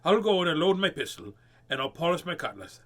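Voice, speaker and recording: A man voicing a sharp old pirate mother. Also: a little high, big pitch swings, a little fast. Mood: bold. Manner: blunt, commanding.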